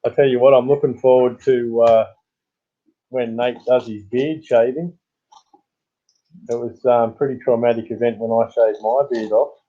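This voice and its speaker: Aussie bloke yarning on a live stream, jokey mate-style banter, sounds like it's coming through a phone. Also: male voice, mid-range voice, fairly even intonation, normal speed, long pauses, warm tone, dull audio. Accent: Australian. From Australia. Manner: chatty, joking matey banter. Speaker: coin hunting channel host. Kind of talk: casual live-stream chat with viewers.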